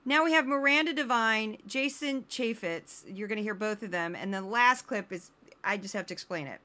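A woman hosting a podcast of comedic political commentary, talking in a sarcastic, animated way. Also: medium pitch, normal speed. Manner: sarcastic and animated, slips into voices. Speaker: podcast host.

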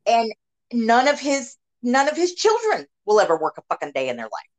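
A woman's voice: fairly high pitch, normal speed, rough recording. A woman hosting a podcast, talking bluntly and swearing heavily in casual political chat. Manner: blunt, heavy swearing, animated rants. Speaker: podcast host.

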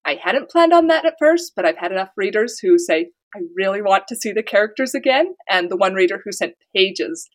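A woman's voice: mid-range voice, lively intonation, fairly quick, few pauses. A woman author from the United States, talking casually and earnestly in a podcast interview. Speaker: author guest.

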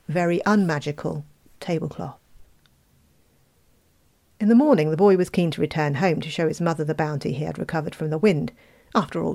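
A woman reading a fairy tale aloud, expressive, with playful asides. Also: on the low side. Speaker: storyteller.

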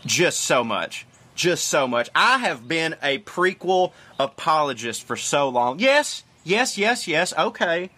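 A bright-voiced man reads out fan questions and answers them in a loose, jokey, profane chat. His voice sits a touch high for a man and comes from outdoors on a porch. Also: sing-song, takes it slowly, few pauses, husky. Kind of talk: casual Q&A monologue.

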